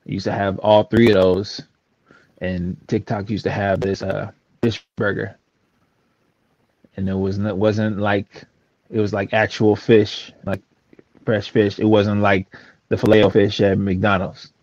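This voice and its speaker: A man's voice: lowish voice, level tone, a little slow, darkish tone, dry recording. A man in a casual chat, rambling and hesitant with many fillers. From San Francisco. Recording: dull lo-fi sound.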